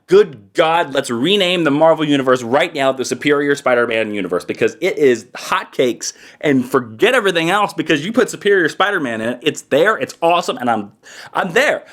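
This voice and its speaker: A man hosting his own comic review video, talking in an energetic, joking way with exaggerated enthusiasm. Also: a little high. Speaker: comic book reviewer, channel host.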